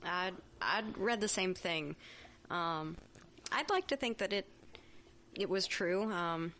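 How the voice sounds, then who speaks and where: A woman's voice: on the low side, expressive, a bit bright, slight background noise. A woman co-hosting a podcast, easygoing and wry in casual chat. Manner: easygoing, wry, quick laughs. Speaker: podcast co-host.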